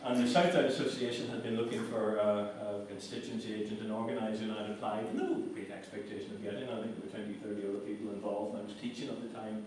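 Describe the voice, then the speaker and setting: A man's voice: lowish voice, little pitch movement, fast, few pauses, a little mellow, a little hiss or hum. A man giving a conversational, self-mocking talk to an audience in a lecture hall. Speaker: guest speaker. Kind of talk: anecdotal public talk. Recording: echoey hall from far off.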